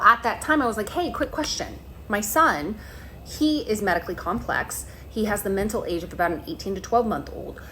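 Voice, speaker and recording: Exasperated swearing woman with a high voice. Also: fairly bright tone, a little hiss or hum, rough recording. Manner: exasperated, swearing, quoting both sides of calls. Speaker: parent telling a story. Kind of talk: casual storytelling rant.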